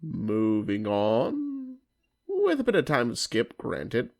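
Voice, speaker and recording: A woman hosting a comedy commentary video, dry, weary and deadpan. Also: rumbling low, slow pace. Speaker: host of a commentary show.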